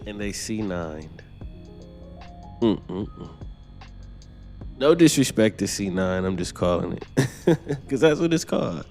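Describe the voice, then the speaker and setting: A man's voice: low-pitched, very animated, slow pace, vocal fry, pauses often. A young man giving laid-back, chatty commentary over his own gameplay as a gaming channel host. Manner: laid-back, chatty, laughs often, says "man" and "brother". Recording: loud game music underneath.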